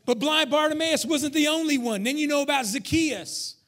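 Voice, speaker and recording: Preaching in church at normal speed, this male pastor has a very high-pitched voice. He's emphatic, jokes with his congregation, and swings from shouts down to near-whispers.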